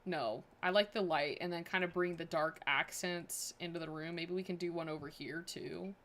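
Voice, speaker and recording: A woman's voice: lowish voice, steady tone, normal speed, a bit bright. Chatty woman streamer thinking aloud. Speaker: game streamer. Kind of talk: casual livestream chat.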